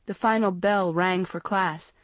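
A woman narrating a storybook in a measured, dramatic way. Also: lowish voice, steady tone, no echo. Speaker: audiobook narrator.

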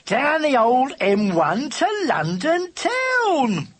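A narrator voicing a flock of brash racing pigeons with a Cockney accent, teasing and loud. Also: high-pitched, huge pitch swings, slow pace, breathy edge, pitched above the performer's own voice, exaggerated voice. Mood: jeering. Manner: cheeky, jeering.

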